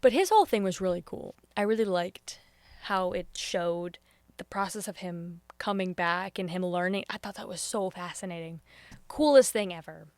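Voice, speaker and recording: A woman giving a casual spoken review of a show, earnest and openly emotional, with sudden excited jumps, soft near-whispers and hesitant restarts. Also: lowish voice, normal speed, no echo.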